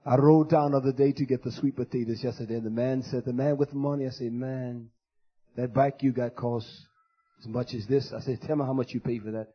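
A man preaching a fiery sermon to his congregation, rising to shouts and dropping low again. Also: steady tone, brisk, slightly rough. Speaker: pastor. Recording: muffled lo-fi recording.

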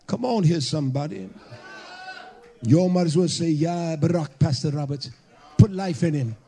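A man preaching a fiery sermon to a congregation, hollering and emphatic, with bursts of shouting. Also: a little high, normal speed, creaky.

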